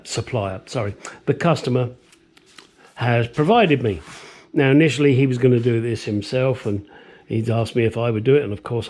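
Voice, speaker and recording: A man's voice: medium pitch, a little mellow. Retired-sounding older man, casual workshop vlogger, blunt and chatty, goes off on tangents. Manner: chatty, blunt, rambling asides. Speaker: home mechanic restoring a car. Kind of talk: casual workshop vlog narration.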